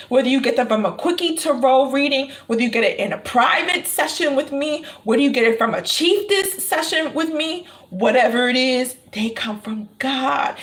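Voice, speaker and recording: A woman speaks to her viewers as a tarot reader and spiritual channeler in a casual, preaching-style talk. Her voice sits high and her delivery is slow and unhurried. She drives her points home by repeating phrases and laughs often. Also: fairly bright tone.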